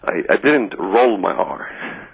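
A man's voice: on the low side, animated, takes it slowly, gravelly, breathy edge. A middle-aged man from Palestine, speaking English, telling his story as an interview guest and acting out the dialogue he quotes. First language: Arabic. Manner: earnest storyteller who acts out quoted dialogue. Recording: tinny phone line on radio.

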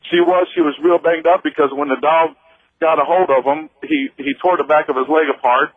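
Missouri male caller, slightly high voice, halting and full of restarts, thin phone-line sound. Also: steady tone, no room sound. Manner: halting, with many restarts and fillers. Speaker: radio caller. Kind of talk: telling a personal story on a call-in show.

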